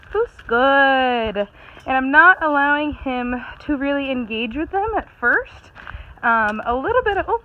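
A woman training her dog outdoors, chatting with a laugh between her explanations and breaking off for bright, quick commands and praise. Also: high voice, narrow, tinny audio, slight background noise. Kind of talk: casual training vlog commentary.

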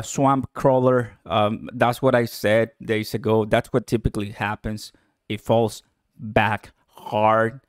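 A man hosting a casual live stream about cryptocurrency from home in the morning, excitable and chatty, laughing often and talking straight to his viewers. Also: mid-range voice, dry recording, studio quality. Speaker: crypto livestream host.

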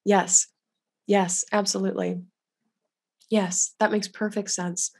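A young adult woman hosting a webinar on loss, speaking gently and with validation as she reads out chat comments over a video call. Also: medium pitch, flat delivery, slow, slightly rough. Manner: gentle and validating, quotes others' words aloud. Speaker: grief educator hosting a webinar.

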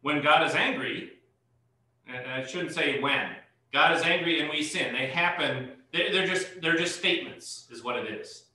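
A man's voice: on the high side, moderate pace, pushed and bright. A man pastor leading a Bible study, explaining verses patiently and lifting his voice on key points. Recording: echoey room, mic far off.

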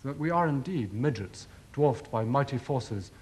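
A man delivering a formal televised lecture in a measured, rhetorical way, with ironic emphasis. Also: medium pitch, expressive, darkish tone.

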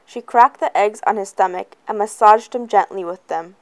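A woman's voice: mid-range voice, moderate pace. Woman reading a novel aloud. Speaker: reader.

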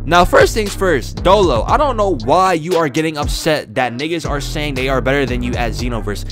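A young man trash-talks a rival in a boastful, profane YouTube rant. His fairly high voice swings up and down with animated energy, over faint music in the background. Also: moderate pace. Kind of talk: trash-talking diss rant.

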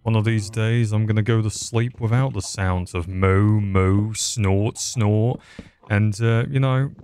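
A man's voice: on the low side, steady tone, normal speed, darkish tone, clear, resonant tone. A young man giving sarcastic, rambling commentary over a game, swearing often. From England. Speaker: gaming YouTuber. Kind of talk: casual gameplay commentary.

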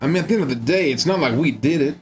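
A man's voice: a little high, expressive, faint music behind. Laid-back swearing man player. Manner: laid-back, swears freely, quick to laugh. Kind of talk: casual in-character play.

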